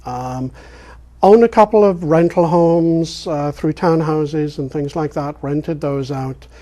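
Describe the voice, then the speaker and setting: An older man from England with an English accent that keeps its R's, answering interview questions as a guest in a rambling storytelling way with many ums and pauses. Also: fairly high pitch, mellow. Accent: English, pronouncing his R's. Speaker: guest, real estate investor.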